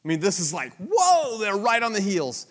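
Animated man teaching scripture. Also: high voice, moderate pace, long reverb tail. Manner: animated, dramatic storytelling. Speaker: Bible teacher. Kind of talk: scripture reading with commentary.

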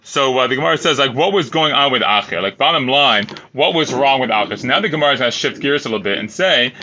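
A man's voice: medium pitch, lively intonation, fast, pushed and bright, muffled recording. A man teaching a Talmud class in a casual way, reading Aramaic lines and then explaining them loosely with fillers and restarts.

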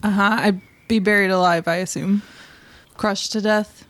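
A woman with a soft, hesitant manner, playing a tabletop game. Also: medium pitch, fairly even intonation, normal speed. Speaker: player.

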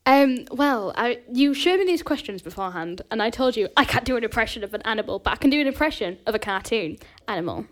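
A woman's voice: on the high side, expressive, fast, hardly any pauses, a bit bright. A woman chatting on a podcast as the guest, giggly and self-deprecating, rambling through her stories with lots of fillers. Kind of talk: casual podcast chat.

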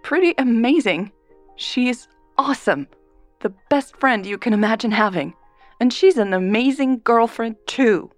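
A woman's voice: on the high side, lively intonation, unhurried, dry recording, faint music behind, voice pushed up. A woman voicing a tipsy, blunt young woman who slurs and speaks sharply in defense of her best friend. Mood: sharp, protective. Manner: slurring, sharp and protective. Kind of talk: audiobook character voice.

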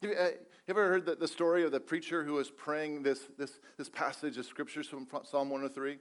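High-voiced man preaching a sermon. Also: steady tone, a little fast. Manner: earnest, repetitive preaching with jokes and rhetorical questions. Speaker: pastor. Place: church service.

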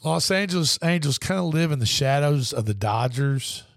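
A man with a fairly high, gravelly, expressive voice speaks at a moderate pace in a dry, clean studio recording. He's a sports radio host rambling through casual stories, easygoing and prone to restarting.

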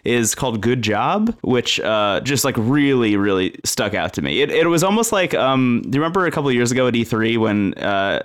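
A man's voice: medium pitch, brisk, few pauses, clean tone. A man hosting a casual video game podcast, rambling with lots of fillers and restarts. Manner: rambling, filler-heavy, animated. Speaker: podcast host. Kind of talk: casual chat.

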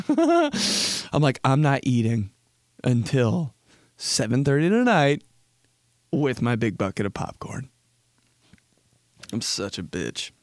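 Twenty-something guy rambling and laughing thru stories, does silly high voices for quotes, clean dry mic. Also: sing-song, slow, pauses often, dry recording. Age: 20s. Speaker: podcast host. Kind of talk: casual comedic chat.

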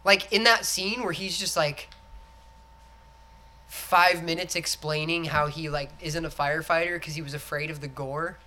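A man co-hosting a casual podcast chat, animated and profane, acting out lines from a movie. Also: a little high, moderate pace. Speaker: podcast co-host.

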